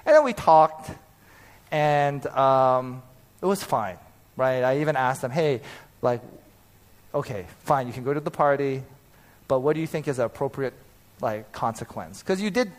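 A man in his thirties preaching as a pastor, telling a personal story with animated, acted-out quotes and frequent laughter. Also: mid-range voice, normal speed, pauses often.

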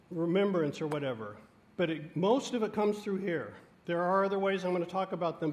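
High-voiced man preaching with humor. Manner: animated, self-mocking humor. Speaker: guest preacher. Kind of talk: sermon with storytelling.

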